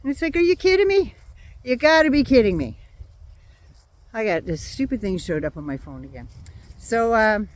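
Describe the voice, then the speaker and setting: An older female vlogger delivers a casual political rant that is blunt, sarcastic, and full of swearing. She is very animated, her pitch swinging widely, and a cold has left her with a runny nose.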